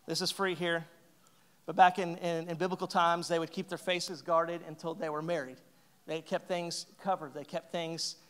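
A man's voice: fairly high pitch, flat delivery, normal speed, a bit bright. A male pastor giving a conversational, jokey sermon in a church, acting out quoted lines. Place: church sanctuary.

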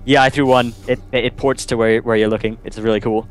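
A man casually commentating a co-op video game with a friend, full of quick excited exclamations. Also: medium pitch, faint music behind. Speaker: gameplay commentator.

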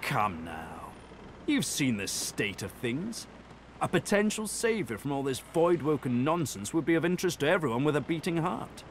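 An actor voicing a middle-aged, calculating gentleman in a video game, smooth and courtly with a faintly sardonic edge. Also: fairly high pitch, big pitch swings, moderate pace, a little hiss or hum. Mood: suave. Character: suave, calculating male ship passenger. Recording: game audio with loud music behind. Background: game music.

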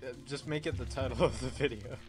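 A man's voice: mid-range voice, fast. A man hosting a let's play, chatting casually and giggling, often reading aloud in a theatrical way. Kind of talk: casual gaming banter. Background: game music.

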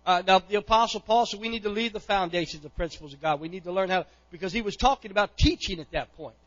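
A middle-aged male pastor preaching a sermon, impassioned, often pushing to near-shouts and repeating words as he goes. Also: high voice, fast, dull audio.

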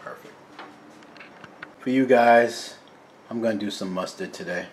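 A man hosting a casual cooking video, chatting to his viewers as "guys", quiet and mumbling while he cooks and louder when he turns to the camera. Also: lowish voice, a little slow. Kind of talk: casual cooking vlog chat.

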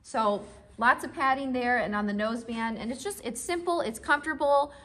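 A woman's voice: fairly high pitch, normal speed, fairly bright tone. A woman vlogging at a horse farm, explaining step by step in a friendly, casual way and checking in with her viewers as she goes. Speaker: horse owner and rider. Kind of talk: casual instructional vlog.

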